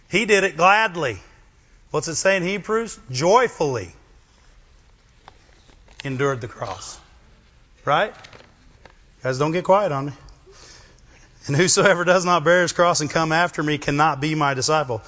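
Preacher guy, bright forceful voice, sermon on a muffled lo-fi recording. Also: sits high. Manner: animated, asks the congregation questions. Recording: dull lo-fi recording.

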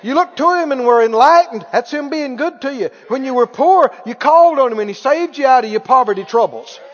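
A man preaching a sermon, exuberant, shouting praise and stretching words out for emphasis. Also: extremely high pitch, animated, a little fast, highs cut off. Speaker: pastor. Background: congregation.

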